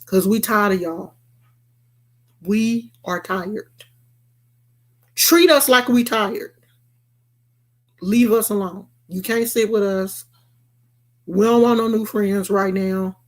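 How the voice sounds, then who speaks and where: A woman's voice: mid-range voice, slow pace, long pauses. A woman vlogger delivering a blunt, repetitive rant to her viewers. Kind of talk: emphatic rant to camera.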